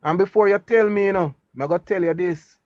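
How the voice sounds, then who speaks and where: A man's voice: sits high, fairly quick, no room sound, highs cut off. A man with a Jamaican accent arguing politics in a heated call-in debate, combative and repetitive, slipping into Patois. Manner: combative, repeats himself, Jamaican Patois phrasing. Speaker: political caller.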